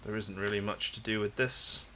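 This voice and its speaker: Hosting a let's play, a man reads game text aloud dramatically and chats casually about the game, saying "like" a lot. His voice is lowish and bright, with a forceful tone, fairly even intonation and normal speed. Slight background noise is audible.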